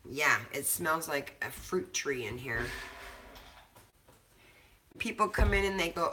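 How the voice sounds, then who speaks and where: A woman's voice: sits low, expressive, takes it slowly, pauses often, background noise. A woman chatting casually from her home kitchen, talkative and laughing often, swearing now and then. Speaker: co-host of a cannabis show. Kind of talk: casual chat.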